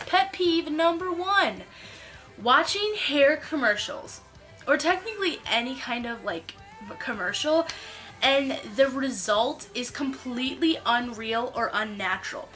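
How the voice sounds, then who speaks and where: A woman's voice: high voice, unhurried, faint music behind. A young woman vlogging casually to camera, chatty, with many "like"s and a sore throat. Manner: chatty, animated storytelling with many "like"s.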